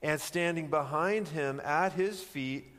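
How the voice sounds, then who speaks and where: Man preaching slow, kinda high voice, lots of rhetorical questions, big echoey hall. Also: a bit bright. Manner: conversational teaching, rhetorical questions, emphatic. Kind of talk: sermon. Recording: long hall reverb.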